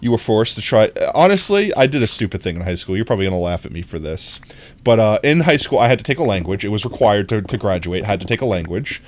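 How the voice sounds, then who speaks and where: A man's voice: fairly low pitch, sing-song, quick pace. A young man streaming live, rambling through casual chat and reacting to his viewers, with lots of fillers and easy laughter. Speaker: livestreamer.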